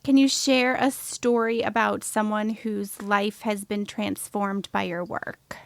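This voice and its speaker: A woman hosting a podcast interview who gives gentle, brief affirming replies and asks questions. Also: mid-range voice, little pitch movement, slow pace, gravelly, no room sound. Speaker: podcast host.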